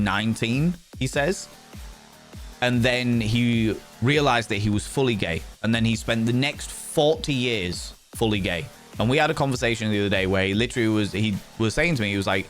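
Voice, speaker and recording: Bubbly, swearing male streamer. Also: mid-range voice. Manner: bubbly, swearing, repeats catchphrases. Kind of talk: casual chat with viewers.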